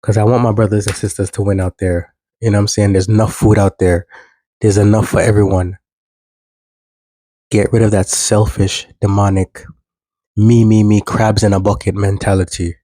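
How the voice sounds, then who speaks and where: A man's voice: lowish voice, flat delivery, moderate pace, warm tone, no room sound, poor audio. A man vlogging casual spiritual advice, earnest and preachy, repeating phrases for emphasis.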